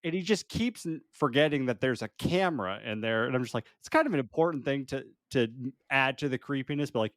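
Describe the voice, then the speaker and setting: A man's voice: mid-range voice, animated, a little fast, few pauses, fairly bright tone, no room sound, clean studio sound. A man co-hosting a podcast, casually recapping a movie plot and laughing often. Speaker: podcast co-host.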